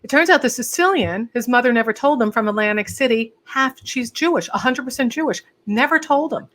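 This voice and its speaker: A woman hosting an interview, chatty and quick to laugh, reading out comments from viewers. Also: a little high, a bit bright. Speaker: podcast host. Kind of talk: casual interview chat.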